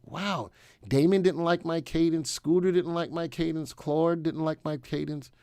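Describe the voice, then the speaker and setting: A man's voice: a little high, steady tone, measured pace, mellow, clear, resonant tone, no echo, studio quality. A middle-aged man hosting a stock analysis live stream, upbeat and joking as he chats with viewers. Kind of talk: casual live stream talk.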